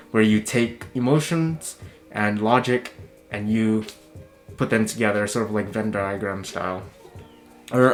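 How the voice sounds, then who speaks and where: A man talking in a casual commentary vlog, heated and swearing, his voice jumping high when he is worked up. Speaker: video commentator.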